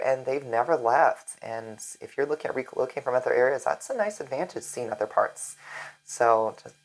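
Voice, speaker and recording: A woman's voice: extremely low pitch, poor audio. A woman from Virginia, a real estate agent, talking casually and chattily to camera in an upbeat vlog. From Alexandria, Virginia.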